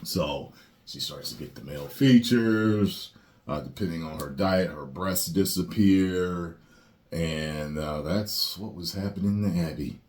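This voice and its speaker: A man's voice: low voice, unhurried. A man hosting a reaction video, rambling casually with lots of fillers. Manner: rambling, with many fillers and sudden loud rants.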